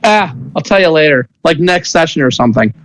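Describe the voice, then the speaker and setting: A man narrating as game master of a tabletop game, talking in a rambling, halting way with many restarts and fillers. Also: on the high side, animated, a bit bright, slight background noise, poor audio.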